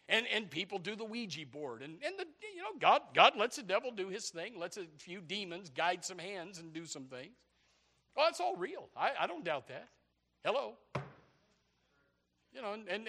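A man preaching a sermon, animated and repetitive, with rising shouts. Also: high voice, moderate pace. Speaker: pastor.

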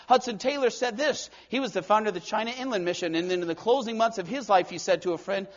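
A male preacher delivering a sermon in a storytelling way, swinging between soft passages and emphatic ones, on a dull lo-fi recording. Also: high-pitched, quick pace, hardly any pauses.

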